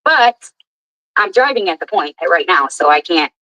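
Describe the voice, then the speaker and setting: A woman's voice: fairly low pitch, big pitch swings, normal speed, sharp tone, no echo, highs cut off. A woman ranting indignantly and with heavy profanity on a livestream while driving her car.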